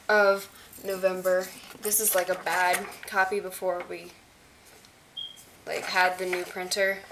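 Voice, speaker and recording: A young woman vlogging as an excited fan, gushing and chatty with lots of fillers. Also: mid-range voice. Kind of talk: casual chat. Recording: faint hiss.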